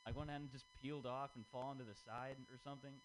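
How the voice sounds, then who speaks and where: A man's voice: medium pitch, fairly even intonation, rapid-fire, a little hiss or hum, poor audio. A young man doing a rambling, self-deprecating open-mic stand-up set, full of fillers and nervous laughs. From Indian family. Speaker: stand-up comedian.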